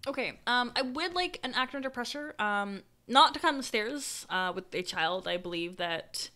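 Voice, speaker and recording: Giggly female game master, lively pitch, bright voice, relaxed tabletop narration. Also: normal speed.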